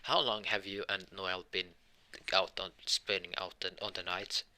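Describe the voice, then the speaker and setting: A man's voice: low voice, level tone, moderate pace, pushed and bright. A man voicing a stern father who interrogates his son in a fan story. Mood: suspicious. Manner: pointed interrogating questions.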